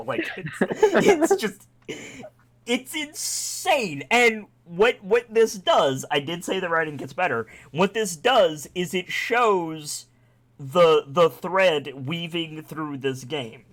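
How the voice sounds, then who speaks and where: Excitable, laughing young man chatting games. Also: sits high, slow. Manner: excitable storyteller, laughs often, swears casually. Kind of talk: casual gaming chat.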